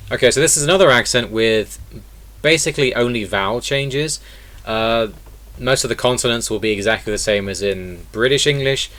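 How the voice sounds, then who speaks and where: A man's voice: fairly low pitch, fairly bright tone. A man teaching an online lesson in a casual way, explaining step by step and repeating example words. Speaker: accent teacher.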